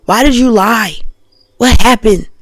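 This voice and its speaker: A woman acting out upset family elders who scold a relative over a broken marriage promise, in loud, accusing, repeated questions. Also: a little high, moderate pace, no room sound, voice pushed up, natural voice, rough recording.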